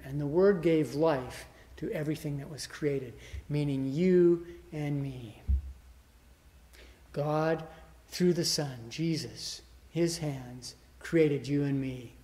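A man preaching a sermon expressively, swinging from loud emphasis to hushed, almost whispered lines. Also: on the high side, slow, long reverb tail. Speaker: pastor.

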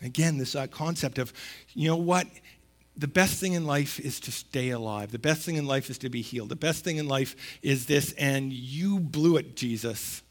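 A pastor preaches a sermon in a conversational but emphatic style, repeating words for stress and reading scripture aloud, his delivery rising to loud stresses. His voice sits in the mid-range, and he speaks at a moderate pace.

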